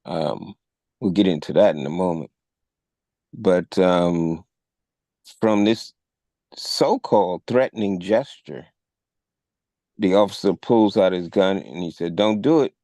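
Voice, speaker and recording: Speaking slowly in a low, mellow voice, a man co-hosting a podcast recounts a news story in a conversational way. He keeps a measured storytelling pace but raises his voice when playing the quoted officers, and there's no room sound.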